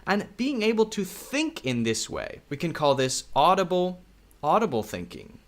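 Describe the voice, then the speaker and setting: A man teaching English in a recorded video lesson, speaking slowly and repeating key words, often checking in with "okay?". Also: high voice, big pitch swings. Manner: slow, repetitive, checks in with "okay?".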